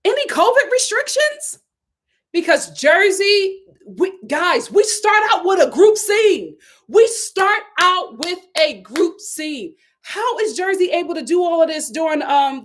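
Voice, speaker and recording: A woman hosting a casual live review of a reality TV show, animated and incredulous, repeating herself for emphasis. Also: extremely high pitch. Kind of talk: casual live recap chat.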